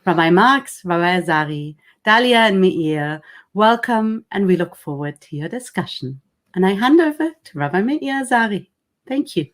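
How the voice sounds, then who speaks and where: A woman who is a rabbi chairs the session, formally introducing the panel speakers in a measured, read style. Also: medium pitch, expressive. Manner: measured and formal, reading bios.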